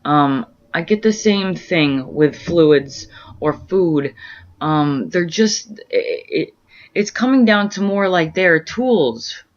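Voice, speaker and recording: A woman's voice: lowish voice, animated, slow. A woman at home talking casually in a meandering, earnest way, full of fillers and restarts as she searches for words. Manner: earnest, introspective musing. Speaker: vlogger sharing spiritual experiences. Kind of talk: casual rambling monologue. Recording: muffled lo-fi audio.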